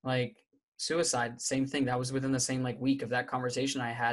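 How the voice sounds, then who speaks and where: Guy guest telling his own story, halting, lots of likes and restarts, honest. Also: mid-range voice, steady tone, fairly bright tone. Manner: candid, halting, many fillers and restarts. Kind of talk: personal storytelling in conversation.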